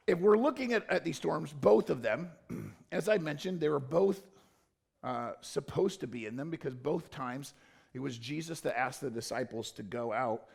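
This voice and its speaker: Gravelly-voiced pastor preaching casually. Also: male voice, a little high. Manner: informal, joking, rambling asides. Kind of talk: casual conversational sermon. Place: church.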